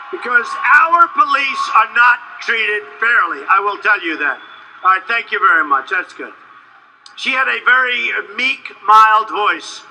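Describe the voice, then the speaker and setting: A man giving a rambling, boastful campaign rally speech, repeating himself and sometimes shouting. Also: extremely high pitch, a little hiss or hum, low-quality recording. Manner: shouts at times to a crowd. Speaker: political candidate.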